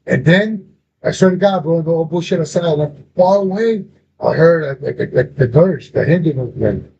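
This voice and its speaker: Guy telling a wild story, cussing, says bro every line, kinda high voice, muffled lo-fi audio. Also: normal speed, vocal fry, mellow. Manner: profane, street slang, says "bro" constantly. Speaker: podcast host. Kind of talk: casual storytelling. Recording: dull lo-fi audio with faint noise.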